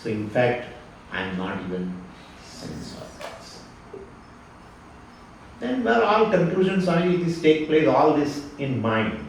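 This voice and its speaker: A man giving a spiritual lecture, lively and fond of rhetorical questions and repeated phrases. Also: mid-range voice, slow, pauses often, far from the mic. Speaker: Vedanta teacher. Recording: echoey hall, speaker away from the mic, faint noise.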